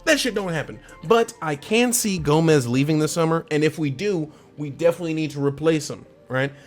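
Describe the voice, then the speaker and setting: A man hosting a casual football transfer talk, animated and slangy, laughing often and asking the fans questions directly. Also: a little high, brisk, soft background music. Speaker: sports channel host.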